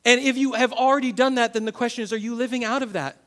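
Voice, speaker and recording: Male pastor, 30s, high-pitched, animated sermon delivery with big dynamic swings. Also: fast. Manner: animated, swings from loud to quiet.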